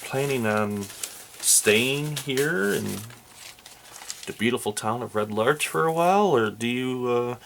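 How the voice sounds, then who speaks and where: A man's voice: medium pitch, animated, creaky, fairly bright tone, slight background noise, heavily acted. A man voicing a chatty female innkeeper in a tabletop game, in a raised voice with hesitant ums. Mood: friendly. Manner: hesitant, fills pauses with ums. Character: chatty female tavern innkeeper, middle-aged.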